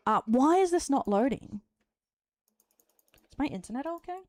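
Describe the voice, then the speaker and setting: A woman's voice: sits high, lively intonation, moderate pace, a little mellow, no room sound. A woman from Australia with an Australian accent chats casually as a streamer. She rambles, laughs often and swears now and then. Her voice is recorded close and dry. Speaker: streamer reacting to a clip. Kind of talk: casual chat.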